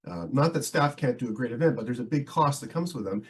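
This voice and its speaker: A man with a bad head cold argues his point before a town council, his voice husky and worn thin. He stumbles and restarts often, filling gaps with hesitations as he pushes through the speech. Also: mid-range voice, animated, low-quality recording. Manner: halting, many fillers and restarts. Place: council meeting.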